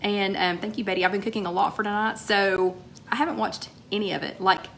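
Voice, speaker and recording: Woman, a bit hoarse, casual live-stream host, chatty, mid pitch, faint noise behind. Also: fairly even intonation, brisk, a bit bright. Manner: chatty, greets viewers by name nonstop. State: slightly hoarse. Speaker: livestream host. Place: home, TV playing in the background.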